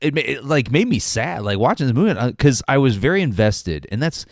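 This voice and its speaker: A man co-hosting a podcast, talking about a film in a halting way, full of restarts and ums. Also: mid-range voice, sing-song, dry recording, studio quality. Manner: hesitant, many restarts and ums. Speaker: podcast co-host. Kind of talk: casual movie review chat.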